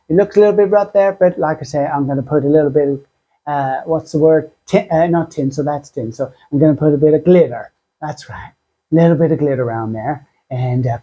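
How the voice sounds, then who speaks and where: A man hosting a craft tutorial, chatty and self-deprecating, speaking in a husky put-on voice that sounds like a sore throat. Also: a little high, warm tone, dull audio. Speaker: craft channel host.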